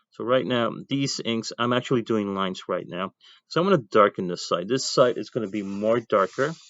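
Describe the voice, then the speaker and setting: Art teacher, male, low voice, casual drawing demo, dry muffled recording. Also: fairly bright tone, no room sound. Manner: talks while drawing, thinking aloud, chatty asides.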